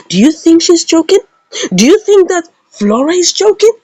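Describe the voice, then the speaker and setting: A woman's voice: very high voice, very animated, normal speed, darkish tone, no echo. A woman host casually recapping and reviewing a series episode, acting out the scenes with animation. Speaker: video host.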